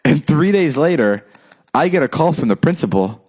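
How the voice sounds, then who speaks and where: A man's voice: a little high, big pitch swings, normal speed, darkish tone, husky. A young man co-hosting a podcast, telling a story in a casual, teasing and joking way. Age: young adult. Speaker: podcast co-host.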